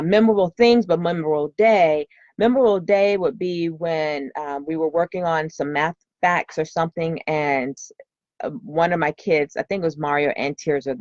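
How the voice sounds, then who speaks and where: A woman's voice: lowish voice, a little mellow, no echo. Earnest woman podcaster, muffled dry sound. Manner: earnest, heartfelt, gropes for words with many fillers. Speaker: podcast host and homeschooling mother. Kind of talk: unscripted podcast monologue.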